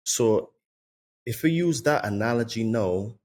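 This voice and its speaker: A man hosting a podcast, rambling and restarting as he asks questions, slowing on key words, and reading show plugs. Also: fairly low pitch, lively intonation, a little mellow. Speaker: podcast host. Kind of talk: conversational interview, reads show plugs.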